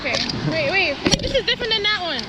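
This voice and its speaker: Excitable high-voiced woman vlogging outdoors. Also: fast talker. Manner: excitable, loud, laughing. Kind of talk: casual travel vlog. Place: outdoors on a zipline course. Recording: loud outdoor noise.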